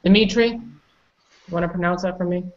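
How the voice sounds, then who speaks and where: A woman's voice: fairly low pitch, steady tone, brisk. Female pronunciation teacher, patient and corrective, on muffled lo-fi call audio. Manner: patient, correcting and prompting students. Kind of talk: online class instruction.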